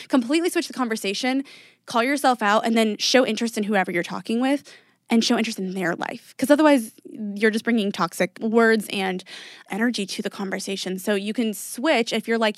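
A woman's voice: a little high, brisk, no echo, studio quality. A woman hosting a podcast, giving chatty, encouraging advice with lots of fillers. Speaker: podcast host. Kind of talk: casual advice talk.

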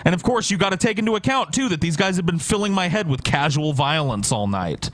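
Animated, profane male storyteller. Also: on the high side, brisk, no echo. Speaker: podcast guest. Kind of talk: casual storytelling.

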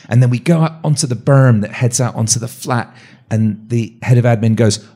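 A man telling a story as a guest on a live talk show, animated, with voiced quotes and frequent restarts. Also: medium pitch, fairly quick. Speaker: guest, meteorite hunter. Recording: live audience event.

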